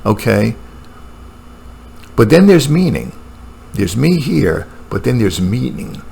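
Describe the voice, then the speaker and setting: A man with a low, gravelly voice thinks out loud in a casual solo talk recorded at home. He muses as he goes, with plenty of fillers and restarts. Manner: musing, with frequent fillers and restarts. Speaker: booktuber talking about philosophy. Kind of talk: casual spoken monologue. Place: room at home with a computer and a painting.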